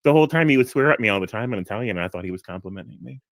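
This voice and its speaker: A man's voice: very fast, dry recording. A man on a live discussion call telling a funny anecdote, laughing often and lifting his voice for quotes. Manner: animated storyteller, laughs often, breaks into higher quoted voices. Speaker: guest on a live discussion stream.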